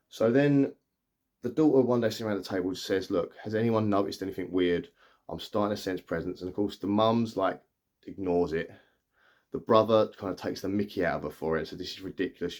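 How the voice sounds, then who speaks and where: A man's voice: fairly low pitch, darkish tone. A man, chatting casually and rambling through a film plot, often restarting his sentences. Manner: rambling, chatty, full of restarts and acted-out quotes. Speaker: film reviewer. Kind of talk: casual spoken film recap.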